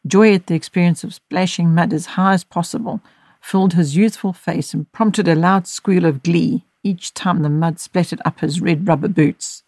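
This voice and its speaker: Woman narrator, measured gentle storybook reading, dry close mic. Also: lowish voice, no echo. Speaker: audiobook narrator and podcast host.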